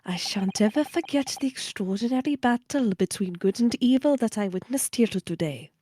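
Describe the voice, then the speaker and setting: A woman's voice: a little high, expressive, normal speed, warm tone, slight background noise, close to an everyday voice. A woman voicing a kindly, formal old male judge with a put-on Welsh accent, speaking in ceremonious phrases. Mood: grateful.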